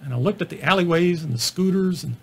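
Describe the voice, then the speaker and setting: Fairly high-pitched and quick, with a gravelly, breathy edge, this middle-aged doctor lectures on stand-up by telling travel tales at his own expense. The presentation is anecdotal, loose and self-mocking, sprinkled with easygoing asides.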